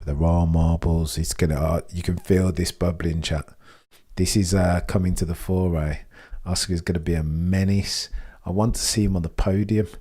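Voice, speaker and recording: A man hosting a live stream, giving chatty, excitable race watchalong commentary and laughing often. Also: low voice, moderate pace, slightly rough.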